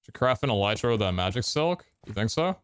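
Excitable low-voiced male gamer, voice cracks. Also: a little fast, clean tone, no room sound. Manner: excitable, swears, sudden loud outbursts. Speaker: gaming streamer. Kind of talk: casual gameplay commentary.

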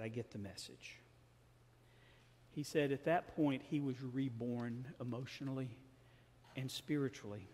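Southern man, pastor in the pulpit, storytelling sermon with voiced dialogue, mid pitch, long church reverb. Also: darkish tone, slight background noise. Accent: Southern American. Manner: storytelling, acts out dialogue with shifting tone. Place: large church sanctuary.

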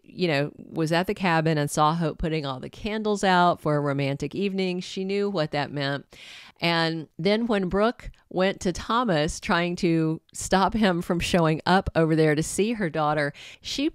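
A woman's voice: fairly low pitch, clear, resonant tone, no echo, studio quality. A woman chatting casually to her viewers, giving opinionated commentary on a soap opera.

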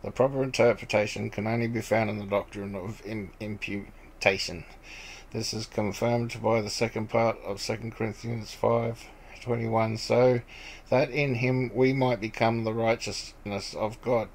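A man with a somewhat low voice teaches from the Bible in an informal, unpolished way. He reads a verse aloud, then stops to explain it. His talk rambles, halts and restarts, full of fillers. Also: little pitch movement, a little slow, slight background noise, low-quality recording. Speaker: preacher.

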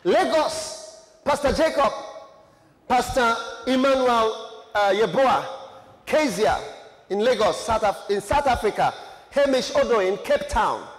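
A man's voice: very high voice, animated, unhurried. A man preaching a sermon, reading out names and places with chatty asides. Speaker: pastor. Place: large church hall. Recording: echoey church hall reverb.

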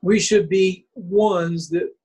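High husky-voiced male preacher. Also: fairly even intonation, darkish tone, rough recording. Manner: rhetorical questions repeated in a chain; emphatic pulpit delivery with slow stressed phrases. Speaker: bishop preaching. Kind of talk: sermon.

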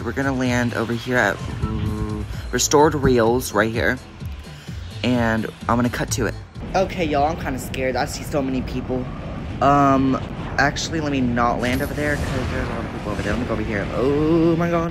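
A gaming video creator giving casual, excitable gameplay commentary, jumpy and prone to repeating panicked exclamations. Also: medium pitch, brisk, music in the background.

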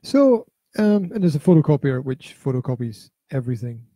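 A man's voice: mid-range voice, very animated, a little fast, warm tone, dry recording. A middle-aged father chatting casually as a podcast co-host, rambling and repeating his words with hesitant fillers. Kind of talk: casual chat reviewing a VR game.

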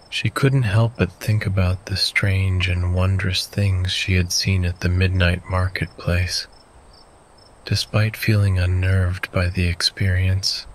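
A man with a very low voice narrates a bedtime sleep story, calm and soothing. He reads slowly and evenly, almost flat. Faint crickets and insects chirp behind him. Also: a little hiss or hum, poor audio.

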